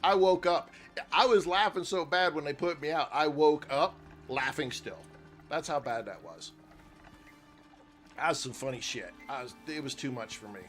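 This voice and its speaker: A middle-aged man streaming a game, telling a crude story in a loose, profane, excitable way. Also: fairly high pitch, normal speed, faint music behind. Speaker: gaming streamer. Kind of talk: casual chat while gaming.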